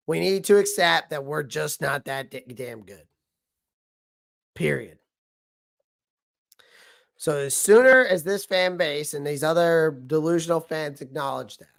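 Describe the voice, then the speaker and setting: Raspy guy ranting on a sports livestream, gravelly and kinda high, keeps hammering the same point. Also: fairly bright tone. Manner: blunt, emphatic, repeats himself. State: hoarse, losing his voice. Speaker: sports fan show host.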